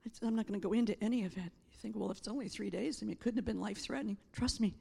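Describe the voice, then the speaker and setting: A middle-aged woman preaching a sermon, impassioned and emphatic, rising to shouts and then dropping quiet and tearful. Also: medium pitch, very fast, gravelly, husky. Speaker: pastor.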